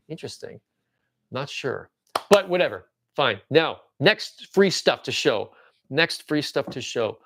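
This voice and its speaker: A man in his forties hosts a casual show-and-tell livestream. His voice is animated and a bit high, and he rambles with stammering restarts and excited tangents. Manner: excitable and enthusiastic. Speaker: livestream host.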